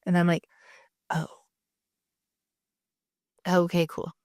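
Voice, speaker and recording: A woman's voice: fairly low pitch, completely flat delivery, slow pace, a little mellow, no echo, studio quality. A woman in her thirties co-hosting a podcast, chatting casually, swearing freely and acting out the lines of people she quotes. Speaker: podcast co-host. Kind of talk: casual chat.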